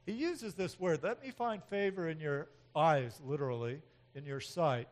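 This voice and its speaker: High-voiced, animated preaching man. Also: moderate pace. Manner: animated preaching, swings from loud emphatic outbursts to quiet asides; chuckles often between points. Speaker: pastor. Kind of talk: sermon.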